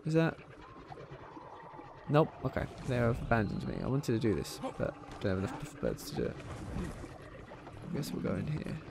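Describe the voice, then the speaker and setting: A man's voice: mid-range voice, huge pitch swings, moderate pace, gravelly, pauses often, background noise. A man hosting a gaming channel, chatting casually and enthusiastically over his gameplay with frequent ums.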